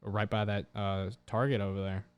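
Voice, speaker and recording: A young man hosting a podcast, telling stories in a casual, profane, animated way. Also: on the low side, moderate pace, clear, resonant tone, faint music behind. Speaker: podcast host. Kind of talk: casual chat.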